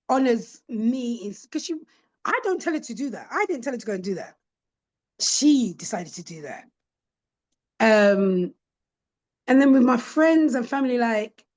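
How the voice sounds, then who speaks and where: A woman's voice: on the high side, a little mellow, lo-fi sound. A woman, a podcast guest telling stories in a casual chat and acting out the voices of the people she quotes. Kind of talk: casual storytelling interview.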